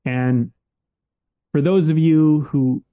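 A man's voice: fairly high pitch, steady tone, slow, smooth, phone-quality sound. A man co-hosting a podcast in casual conversation, talking candidly and emphatically and swearing freely. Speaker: podcast co-host.

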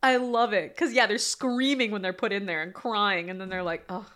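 A woman co-hosting a casual movie podcast, animated and quick to laugh as she acts out scenes. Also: mid-range voice. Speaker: podcast co-host.

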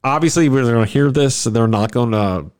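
A man's voice: medium pitch, a little fast, clear, resonant tone. A man co-hosting a podcast, chatting casually and teasing the host. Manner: teasing, lively, prods the host. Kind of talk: casual chat.

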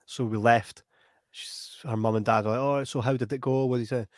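Scottish male podcaster spinning a lively yarn, dry close sound. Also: mid-range voice, fairly quick, no echo. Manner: animated anecdote-telling, acting out quoted voices. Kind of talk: casual storytelling chat.

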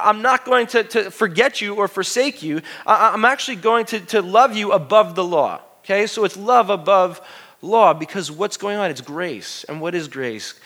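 A man preaching a sermon as pastor, lively and conversational, acting out God's words and asking the congregation questions. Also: high voice. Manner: lively preaching, voicing God and scripture, asides to the congregation.

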